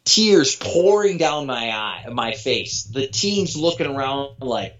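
A man casually telling a story from his running career, animated and profane, acting out what people said. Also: mid-range voice, takes it slowly, few pauses, lo-fi sound. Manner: animated, profane, acts out quotes. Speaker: former elite runner, guest.

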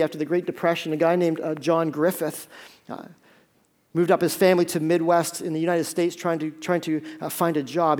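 A man preaching a sermon as pastor, telling a story with sudden loud peaks and hushed stretches, often restarting his words. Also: fairly high pitch. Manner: storytelling, swinging from loud urgent peaks to hushed near-whispers.

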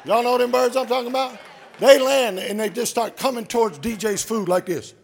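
A male pastor preaching a sermon, swinging from low murmurs to shouts and calling out to the congregation. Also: fairly quick, vocal fry. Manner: calls out to the congregation.

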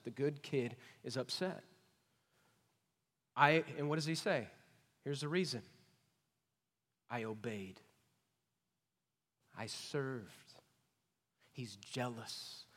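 A man preaching an expository sermon, emphatic and questioning, swinging between loud points and hushed asides. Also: mid-range voice. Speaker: pastor. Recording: long reverb of a large hall.

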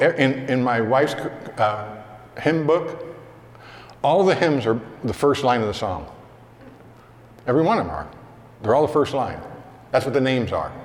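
A man preaching a sermon in a relaxed, conversational way, reading scripture slowly and with weight. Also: mid-range voice. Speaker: pastor. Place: church hall. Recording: long hall reverb.

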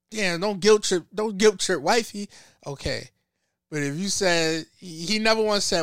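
A man's voice: on the high side, moderate pace, fairly bright tone, no room sound. A man co-hosting a podcast in casual debate, arguing his point, repeating phrases and acting out quotes, on a close mic. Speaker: podcast co-host.

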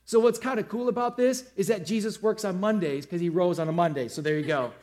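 Animated high-voiced male pastor. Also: fast. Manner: animated, acts out scenes in character voices. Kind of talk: lively church sermon. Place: church auditorium with a screen.

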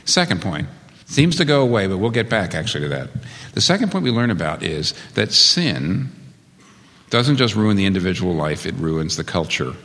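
A male pastor delivers a sermon in a low voice that swings widely in pitch, climbing high on the points he stresses. He preaches with earnest, emphatic conviction. His voice carries a long reverb, as in a large church hall. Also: very animated, normal speed, fairly bright tone.

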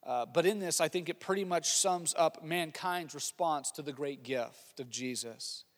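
A man preaching a sermon as lead pastor, animated, swinging from loud exclamations to quiet asides. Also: fairly high pitch, measured pace, big-room sound.

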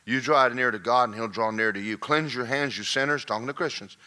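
A male pastor preaching a sermon, swinging from folksy joking asides to shouted, singsong climaxes. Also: medium pitch, a little fast.

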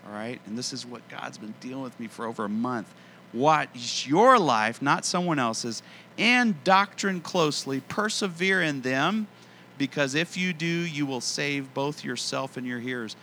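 A middle-aged man preaching a sermon in an earnest, conversational way, slowing down to stress key phrases. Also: medium pitch, pushed and bright, slight background noise. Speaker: pastor.

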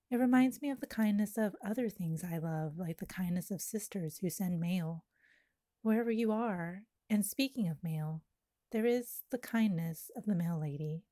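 A woman reading her own poem aloud in a slow, lyrical and intimate way. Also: lowish voice, mellow, dry recording, clean studio sound. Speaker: poet. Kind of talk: poetry reading.

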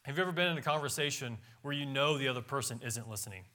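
A man's voice: mid-range voice, racing, bright, forceful tone. A pastor preaching a sermon in a church, reading scripture aloud with emphatic rises and drops in his voice. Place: church sanctuary.

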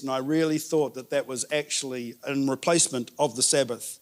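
A man preaching a sermon in an animated way, repeating words for emphasis. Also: mid-range voice, fairly quick. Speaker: pastor.

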